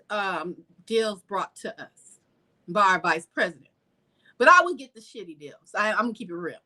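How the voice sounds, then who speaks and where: High, bright-voiced sassy woman storyteller. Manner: animated, sassy, acts out quotes. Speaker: vlogger. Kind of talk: casual storytelling.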